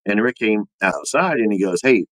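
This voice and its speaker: A man, a podcast guest and former soldier, telling his ghost stories in a rambling, animated way and acting out the voices of the people in them. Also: on the low side, brisk, no room sound, poor audio. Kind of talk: casual storytelling of personal ghost stories.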